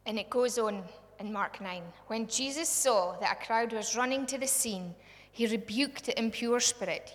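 A woman with a Scottish accent preaching a sermon, fervent, swinging from hushed to loud. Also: mid-range voice, normal speed. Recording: long hall reverb.

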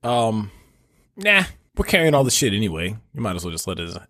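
A man's voice: on the low side, big pitch swings, a little fast, pushed and bright, no echo, studio quality, voice pushed down, full character voice. A man voicing a brash, crude male paper bag in an improvised comedy podcast, rambling and boastful. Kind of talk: improv comedy role-play.

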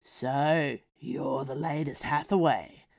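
A woman voicing a burly, cruel male werewolf thug with a low rumbling voice. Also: fairly even intonation, slow, creaky, darkish tone, no echo, heavily acted. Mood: mocking.

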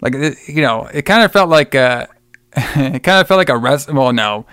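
A man's voice: medium pitch, lively intonation, normal speed, fairly bright tone, smooth, no room sound, clean studio sound. Foul-mouthed man retelling a movie. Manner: profane, rambling retelling with mocking quoted voices. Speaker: podcast co-host. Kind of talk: casual film review chat.

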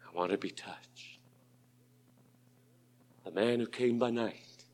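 Slow impassioned male preacher in a hall. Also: mid-range voice. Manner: slow, impassioned preaching, swinging from hushed to loud. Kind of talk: sermon. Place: auditorium. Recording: long hall reverb.

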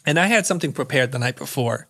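A middle-aged man, a guest on an interview show, spins a lively story at a medium pitch. He slips into the voices of the people he quotes to act out the scene. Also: fast talker, gravelly. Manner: vivid storyteller who acts out quoted dialogue. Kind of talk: animated storytelling in conversation.

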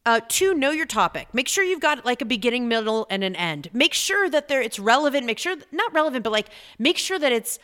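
A middle-aged woman hosting a podcast as a business coach, talking in an energetic, chatty way and repeating points for emphasis. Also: sits high, brisk, hardly any pauses, clear, resonant tone. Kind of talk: motivational podcast talk.

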